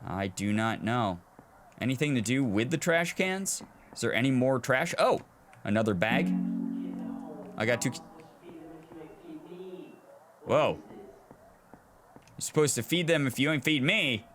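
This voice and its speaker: A young man hosting a gameplay video, thinking aloud in an animated and reflective way as he plays. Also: mid-range voice, a little slow, pauses often, a little hiss or hum. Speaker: gaming video host. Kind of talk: let's play commentary.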